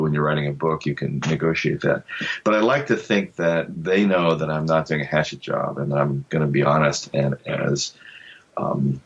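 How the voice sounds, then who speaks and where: A man's voice: rumbling low, breathy edge, lo-fi sound. An older man from Delaware, an author being interviewed, telling stories in a thoughtful, reflective way. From Delaware, USA. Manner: thoughtful, reflective storyteller with soft laughs. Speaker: author guest. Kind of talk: conversational interview.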